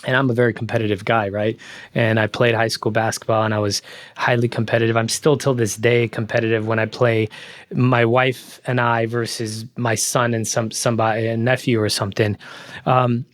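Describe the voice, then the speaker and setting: Man hosting, animated storyteller, dry sound. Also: medium pitch, normal speed, dry recording. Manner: storytelling, animated impressions of others. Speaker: podcast host. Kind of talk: casual conversation.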